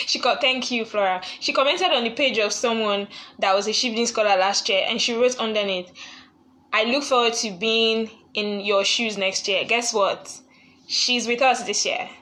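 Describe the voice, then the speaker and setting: A young woman hosts a live online session through a laptop mic, chatting in an upbeat way and laughing often as she greets viewers. Her voice sits a little high. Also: normal speed, bright, forceful tone. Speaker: live webinar host. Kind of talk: casual live-stream chat greeting viewers.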